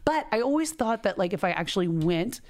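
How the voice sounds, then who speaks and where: A woman chatting casually at a middle pitch. She laughs and gasps easily and keeps the back-and-forth lively. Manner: chatty, quick to laugh and gasp in reaction. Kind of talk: casual chat.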